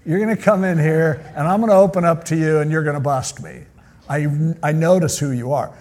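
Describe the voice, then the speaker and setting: A man's voice: on the high side, fairly even intonation, fairly quick, a little mellow, natural voice. A man voicing a scheming woman medium who talks in a sly, casual modern way. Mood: suspicious. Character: scheming woman medium, wary then stunned.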